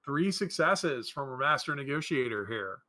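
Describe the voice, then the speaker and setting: A man's voice: medium pitch, lively intonation, moderate pace, bright, forceful tone. A man running a tabletop game as game master, hesitant with many fillers and often laughing.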